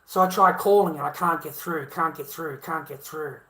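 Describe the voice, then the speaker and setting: An Australian man holding forth in a casual monologue, his voice sitting a bit high and coming out hard and tense. He talks bluntly and swears constantly, driving his points home with repeated rhetorical questions. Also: normal speed, sharp tone. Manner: blunt, heavily profane ranting.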